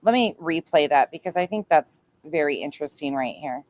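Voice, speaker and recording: Low-voiced blunt woman commentator. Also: animated, fairly quick, a little mellow. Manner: blunt, profane. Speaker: commentary streamer. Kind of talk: reaction commentary.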